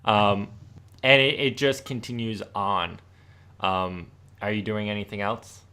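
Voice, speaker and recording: A man running a tabletop role-playing game as game master, narrating in a halting way with many fillers. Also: fairly low pitch, fairly even intonation, bright, forceful tone, clear, resonant tone.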